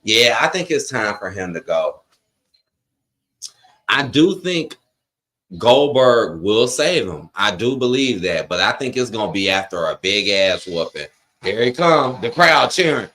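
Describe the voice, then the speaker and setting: A man on the low side, with big pitch swings, a slightly slow pace, and a bit of brightness, hosts a live wrestling watch-along. He reacts to the broadcast and reads viewer comments in a casual, slangy, blunt, opinionated way, addressing chat directly.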